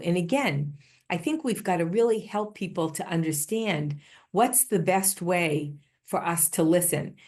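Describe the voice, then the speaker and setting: An older woman with a Boston accent delivers a conference keynote in a fairly low voice. She tells stories earnestly and often restarts her phrases mid-thought. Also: darkish tone. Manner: storytelling, earnest, with frequent restarts. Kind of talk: conference talk.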